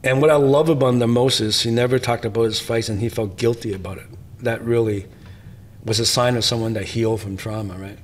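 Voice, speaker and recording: A man with a mid-range voice talks through martial arts stories in an interview. He speaks emphatically and casually, stacking repeated lines and checking in with a quick "right?" now and then. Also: mid-range voice, steady tone, a little hiss or hum. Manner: emphatic, tags points with "right?"; repetitive rhetorical lists. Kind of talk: interview storytelling.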